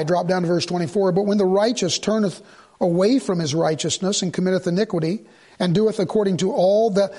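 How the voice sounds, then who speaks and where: A preacher with a strikingly high male voice delivers a sermon. He reads scripture in slow, measured phrases. Then he presses his points with rising, insistent emphasis. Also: darkish tone.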